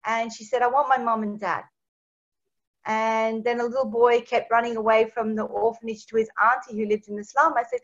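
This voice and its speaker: A woman sharing her personal testimony as an interview guest, her voice a touch higher than most. She brings her story to life by acting out the lines of the people in it. The recording sounds dull and lo-fi. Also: fairly quick. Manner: lively storyteller who acts out quoted dialogue.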